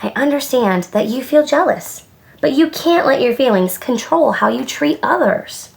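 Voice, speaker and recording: A woman's voice: high-pitched, expressive, moderate pace, vocal fry, voice pushed up. A woman voicing a patient preschool teacher who explains feelings to her class in a storybook.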